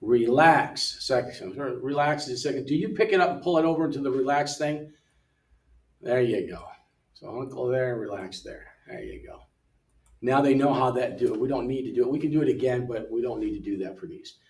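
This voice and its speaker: An older man working through an English app lesson in a relaxed way, thinking aloud and reading words off the screen, recorded from away from the mic in a room. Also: medium pitch, fairly quick, distant mic. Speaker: missionary English tutor. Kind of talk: casual walkthrough of an app lesson. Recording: roomy sound from away from the mic.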